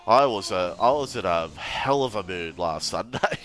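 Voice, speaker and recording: A man's voice: deep voice, lively intonation, moderate pace, fairly bright tone. A young man commentating a sim racing league stream, chatty and laughing as he banters with chat and co-hosts. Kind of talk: casual live stream commentary.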